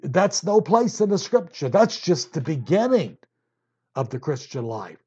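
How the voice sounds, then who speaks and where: A man's voice: on the high side, sing-song, a little slow, warm tone, slightly rough. A man preaching an emphatic Bible sermon, drawing out words for stress. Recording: dull lo-fi tape recording.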